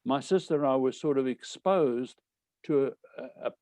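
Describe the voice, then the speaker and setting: An older man, telling anecdotes from his life in a wry, animated way. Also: medium pitch, normal speed, no room sound. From South Africa. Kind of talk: storytelling talk.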